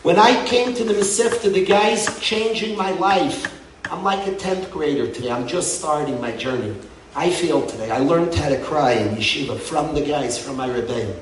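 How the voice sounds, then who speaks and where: Middle-aged man, fervent yeshiva head addressing a crowd, loud-to-hushed swings, distant in an echoing hall. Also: fairly high pitch, normal speed, slight background noise. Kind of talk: emotional speech to a crowd. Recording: echoey hall, mic from afar.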